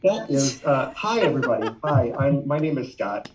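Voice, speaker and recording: A man's voice: mid-range voice, very animated, normal speed, crowd noise. A man joining a video call as a guest, friendly and hesitant, with lots of ums. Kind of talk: casual video call chat. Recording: distant, dull lo-fi video call audio.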